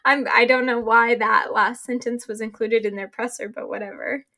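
A woman's voice: on the high side, fairly even intonation, normal speed, pushed and bright. A young woman hosting a casual podcast, chatty with lots of fillers, running through a list of upcoming releases. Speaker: podcast host.

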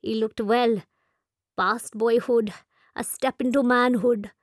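A woman voicing a grieving, resolute Catholic nun who speaks in a quiet, measured way, in an audiobook. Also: on the high side, fairly even intonation, no room sound, clean studio sound. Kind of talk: audiobook character voice.

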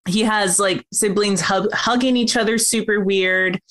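A woman hosting a casual chat, recapping a TV episode with quick, giggly asides. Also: medium pitch, fairly even intonation, a bit bright. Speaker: podcast host recapping a TV episode.

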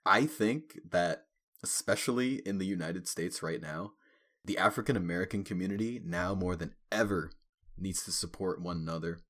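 A man of Caribbean background co-hosting a podcast, talking in a relaxed, reflective way and laughing often. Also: low-pitched, moderate pace. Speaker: podcast co-host. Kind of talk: casual podcast chat.

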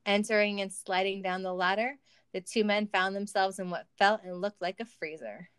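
A woman's voice: mid-range voice, steady tone, moderate pace, fairly bright tone, smooth, no echo. A woman reading a comedic story aloud in an amused way to a listener on a call. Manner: amused, laughs while reading. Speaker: story reader.

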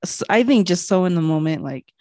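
A woman's voice: lowish voice, animated, fairly quick, darkish tone, no room sound, studio quality. A young woman co-hosting a podcast, chatting casually in a slangy, laughing, storytelling way. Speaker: podcast co-host. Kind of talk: casual chat.

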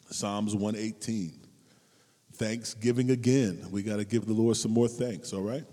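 A man preaching a casual, humorous sermon, swinging between loud high outbursts and quiet asides and laughing often. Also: long reverb tail.

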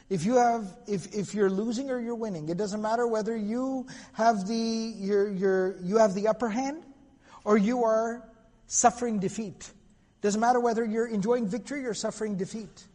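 A man giving a religious history lecture, telling the story in an animated way and quoting Arabic phrases. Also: sits high. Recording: long hall reverb.

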